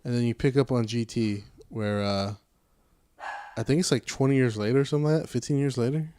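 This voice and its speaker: A man chatting on a podcast, his voice warm and mellow against a dry, close microphone. He retells stories loosely, dropping into quick offhand character quotes. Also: medium pitch, smooth, no echo. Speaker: podcast co-host. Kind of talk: casual chat.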